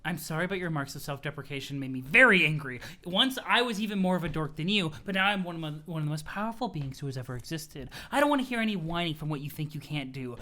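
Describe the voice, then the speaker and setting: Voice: mid-range voice, bright, forceful tone, pitched below the performer's own voice. A streamer voicing a pompous, domineering young woman who gives haughty orders. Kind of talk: reading a webcomic aloud with voices.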